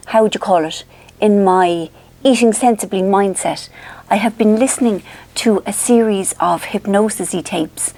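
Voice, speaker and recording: A middle-aged Irish woman chatting to camera at home, animated and self-mocking. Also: medium pitch. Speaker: vlogger. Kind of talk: casual chat to camera.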